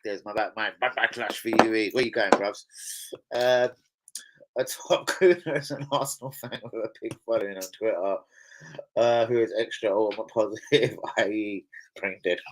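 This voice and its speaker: Swearing lad on a live stream. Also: male voice, on the low side, moderate pace, heavy background noise. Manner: swearing, chatty, laughs often, answers chat. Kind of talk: casual live stream chat.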